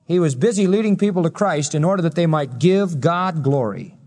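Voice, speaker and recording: High-voiced man preaching in a hall. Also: expressive, moderate pace, darkish tone. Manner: emphatic, rising and falling preaching delivery. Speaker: pastor. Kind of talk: sermon. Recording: long reverb of a hall.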